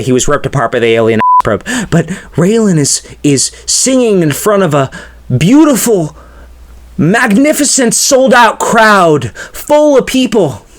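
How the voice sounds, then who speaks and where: A man telling an improvised comedy story, rambling and stammering, with constant filler words. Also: fairly high pitch.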